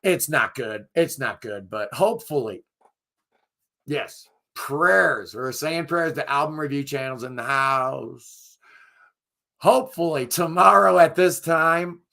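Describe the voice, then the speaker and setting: A middle-aged man, hoarse and losing his voice, hosting a music review channel and chatting casually with viewers in a rambling, enthusiastic way. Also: fairly high pitch, slow pace, pushed and bright. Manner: rambling, enthusiastic, self-deprecating. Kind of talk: casual live chat with viewers.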